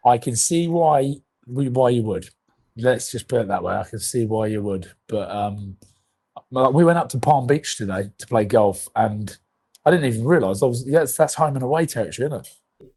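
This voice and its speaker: A man's voice: mid-range voice, animated, normal speed, warm tone, breathy edge. A man in his thirties, a podcast co-host, telling rambling comic stories in casual chat and swearing freely.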